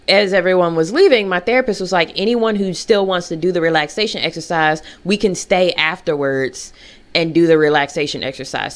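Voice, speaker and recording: A young woman talks straight to her camera in a loose, chatty vlog. She tells her story with plenty of energy and often jumps up into high, mocking voices to act out what people said. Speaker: vlogger.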